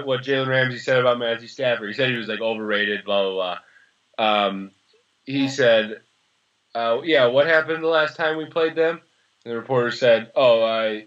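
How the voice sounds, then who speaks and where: A young man in his early twenties talks sports on a casual podcast, rambling and sarcastic. His voice is bright and forceful. The recording sounds a little dull and lo-fi. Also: mid-range voice, fairly even intonation. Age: early 20s. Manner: rambling, sarcastic, quick to laugh. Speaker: podcast co-host.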